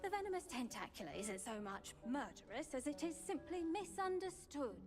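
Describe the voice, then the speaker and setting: A woman voicing a kindly, enthusiastic professor who teaches about plants in a video game, speaking in a gentle, instructive way. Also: high voice, sing-song, a little fast, soft background music. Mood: warm instructive.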